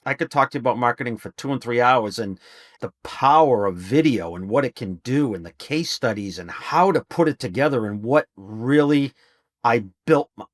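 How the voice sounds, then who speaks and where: A middle-aged business trainer appears as a podcast guest, speaking in a mid-range voice over clean studio audio with no room sound. He talks casually but emphatically, telling stories like a salesman in relaxed interview conversation.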